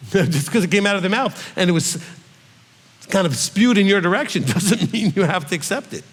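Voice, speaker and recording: A husky, animated male voice that sits high comes through at a moderate pace in a large hall. The speaker, a rabbi, answers questions in a chatty teaching style, dramatizing quoted voices and repeatedly asking listeners "okay?"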